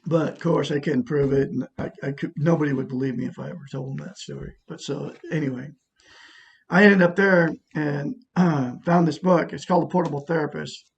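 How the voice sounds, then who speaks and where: A man's voice: fairly high pitch, fairly even intonation, brisk, vocal fry, breathy edge, highs cut off. A middle-aged man telling a long personal story in a rambling, aggrieved way, with many restarts. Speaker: vlogger. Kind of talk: casual personal monologue.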